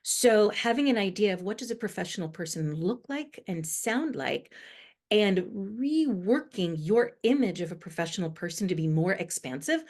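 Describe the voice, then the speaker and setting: With a mid-range voice at normal speed, a middle-aged American woman explains things earnestly and animatedly, her emphasis rising, as a podcast guest expert on inclusive language.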